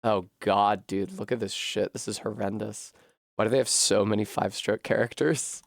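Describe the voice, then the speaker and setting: A man streaming a game from home, working through a puzzle out loud at a desk microphone with frequent swearing and frustration. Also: lowish voice, little pitch movement, moderate pace, gravelly, no echo, studio quality. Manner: profane, puzzling aloud, frustrated. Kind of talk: live-streamed gameplay commentary.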